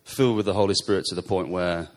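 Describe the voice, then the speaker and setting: A man's voice: deep voice, fairly even intonation, fast. A man telling his faith story to a church congregation, hesitant and searching for words. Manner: hesitant, with fillers and restarts. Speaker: church member giving testimony. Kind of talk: personal testimony.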